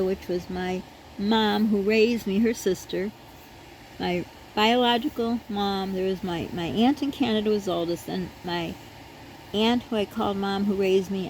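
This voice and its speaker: A woman's voice: medium pitch, a little mellow, rough recording. A middle-aged woman talks to her viewers in a casual personal vlog. Her speech is earnest and rambling, and she often halts and restarts. A faint hum of background noise sits under her voice. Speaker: vlogger. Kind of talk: casual personal talk to camera.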